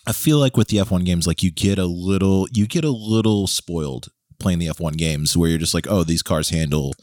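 A man's voice: deep voice, brisk, a little mellow, dry recording, studio quality. A young man hosting a casual podcast chat, joking and laughing often. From Texas. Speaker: podcast host.

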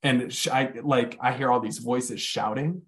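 A man in casual conversation, telling a personal story candidly, swearing freely with lots of filler words and slowing down on heavy moments. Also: mid-range voice, steady tone.

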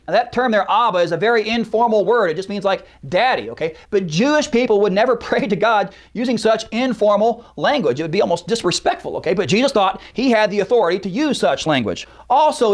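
A man with a high voice gives an explanatory lecture on scripture. He talks in a teaching manner, stresses key words and lists verse references. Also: lively intonation, brisk, hardly any pauses. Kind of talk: apologetics lecture.

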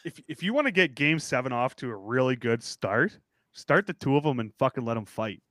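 A man's voice: medium pitch, expressive, a little fast, fairly bright tone, dry recording, studio quality. A man co-hosting a casual sports podcast, laid-back and swearing freely. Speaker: podcast co-host.

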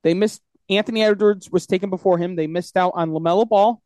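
A man's voice: high-pitched, fairly even intonation, fast talker, a little mellow, no echo. A man co-hosting a sports podcast in casual chat, teasing his co-host and laughing often.

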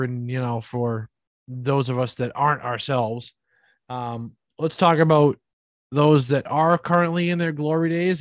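A man co-hosting a podcast chats casually and rambles, leaning on lots of fillers. His voice sits at a middle pitch, with a dry, close sound. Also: no echo. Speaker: podcast co-host. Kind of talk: casual chat.

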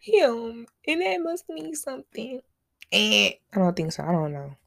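Gravelly-voiced young woman chatting casually. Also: fairly high pitch, sing-song, a little slow, a bit bright, no echo, clean studio sound. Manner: chatty, rambling, laughs often, slangy. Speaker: podcast host. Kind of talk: casual solo podcast chat.

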